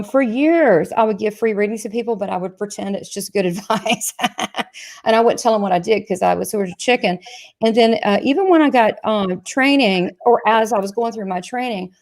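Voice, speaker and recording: A woman with a Southern US accent hosting a live chat show, chatty and excitable, joking about herself and talking fast through asides. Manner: chatty, excitable, self-mocking, sales pitch asides. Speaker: medium and show host.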